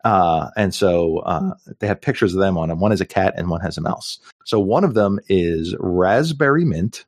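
A man's voice: low-pitched, lively intonation, moderate pace, a little mellow, dry recording, clean studio sound. A middle-aged man co-hosting a podcast in casual chat, jokey and rambling with lots of fillers. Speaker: podcast co-host.

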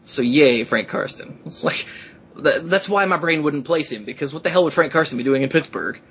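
A man hosting a podcast, chatting casually and telling excited stories in which he acts out quotes in a rising voice. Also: a little high, brisk, dull audio, slight background noise. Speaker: podcast host.

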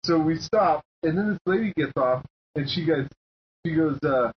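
A man co-hosting a podcast, telling a story in casual chat, animated and swearing, acting out what people said. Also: on the high side, normal speed. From United States. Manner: animated, swearing, acts out quotes. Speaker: podcast co-host. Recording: dull lo-fi podcast audio with faint hiss.

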